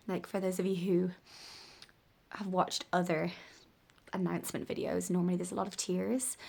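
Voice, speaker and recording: A woman's voice: lowish voice, gravelly, a little mellow, breathy edge. A woman talking candidly to her camera in a casual personal vlog, often dropping to a whisper, with a morning voice. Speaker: vlogger and mother of three.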